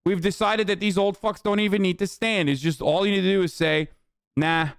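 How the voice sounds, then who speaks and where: Male streamer, heated and foul-mouthed, slightly higher voice, talking to chat. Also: fairly even intonation, fairly quick, creaky, clear, resonant tone, no echo, studio quality. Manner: profane, heated, sarcastic. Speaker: streamer reacting to news. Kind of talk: angry political rant to chat.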